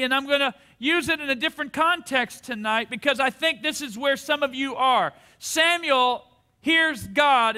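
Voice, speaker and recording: Pastor guy in his 40s preaching hard, real high voice, super bright and sharp. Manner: fervent preaching with call-and-response. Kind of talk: sermon. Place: church service.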